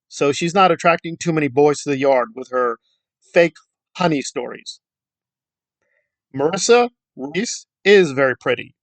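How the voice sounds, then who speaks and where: A man's voice: fairly high pitch, expressive, moderate pace, no echo. Guy ranting on his channel, insulting and repeating himself, voice jumps around a lot, dry close sound. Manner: scornful, insulting and repetitive. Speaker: YouTube commentator. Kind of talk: angry commentary rant.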